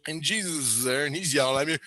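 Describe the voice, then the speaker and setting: A man telling a wild story in casual chat, animated and profane, acting out what people said. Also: fairly high pitch, fast talker, no echo. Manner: animated, profane, acts out quotes.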